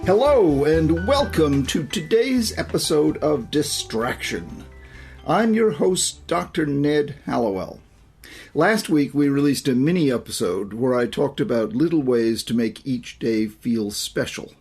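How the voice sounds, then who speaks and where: A man hosting a podcast interview, introducing his guest and asking questions in a calm, encouraging way. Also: fairly high pitch, unhurried, soft background music. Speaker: podcast host.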